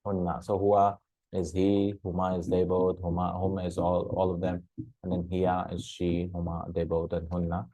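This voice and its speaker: A man with a very low voice teaches a recorded lesson. He is patient, repeats each word and checks in with short questions. The sound is dry and close, with no room echo. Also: monotone, normal speed, mellow. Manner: patient, repeats words, asks "hmm?" and "right?". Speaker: Arabic teacher.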